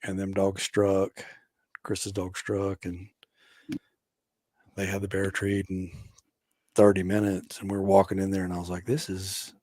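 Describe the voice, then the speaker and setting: A man telling a halting hunting story in a casual chat, full of "like" and "you know", over a video call. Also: sits low, completely flat delivery, darkish tone, no room sound, clean studio sound.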